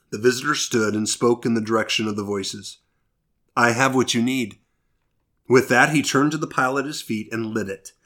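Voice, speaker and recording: A man preaching a sermon, reading scripture and telling a story earnestly, often slowing down for emphasis. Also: medium pitch, a bit bright. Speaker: pastor.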